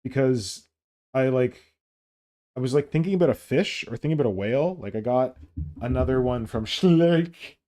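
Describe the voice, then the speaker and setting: A man's voice: medium pitch, moderate pace. A man hosting a hobby stream, chatting casually and joking around with silly voices. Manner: jokey, animated, silly put-on voices. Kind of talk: casual chat.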